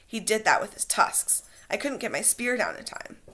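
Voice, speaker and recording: Jack, a woman reading as a proud, sharp boy hunter. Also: mid-range voice, expressive, normal speed. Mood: challenging. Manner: sharp, challenging.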